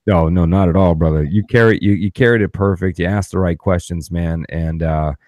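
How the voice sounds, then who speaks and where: Guy ranting on his podcast, swears a lot, lowish voice, dead dry mic. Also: brisk, darkish tone, no echo. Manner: profane, ranting storyteller. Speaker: podcast host. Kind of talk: casual podcast chat.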